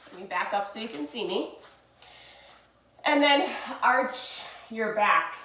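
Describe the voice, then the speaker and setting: Lively, animated woman teaching kids yoga. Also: a little high, slow, far from the mic. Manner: playful, encouraging, animated storytelling. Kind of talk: reading a picture book and guiding kids' yoga. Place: indoor room, filmed while doing poses. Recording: echoey room.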